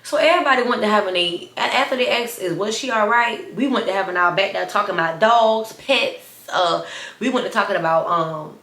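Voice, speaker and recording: A woman's voice: mid-range voice, fairly quick, echoey room. A young adult woman with a slight lisp, chatting animatedly in a casual storytime. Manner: animated, chatty, addresses viewers as y'all. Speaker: storyteller vlogger.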